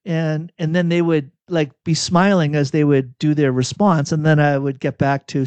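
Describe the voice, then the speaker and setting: A preacher telling chatty, self-deprecating anecdotes in a sermon. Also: male voice, a little high, moderate pace, few pauses, darkish tone, no echo. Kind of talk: storytelling sermon. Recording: dull, dry lo-fi recording.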